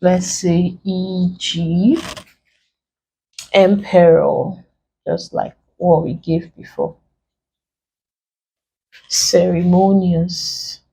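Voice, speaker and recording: A woman's voice: fairly low pitch, flat delivery, drawn-out words, vocal fry, pauses often, mellow, slight background noise, rough recording. A woman from Nigeria teaching an exam-prep English lesson, spelling out letters one by one and explaining each step. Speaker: English tutor.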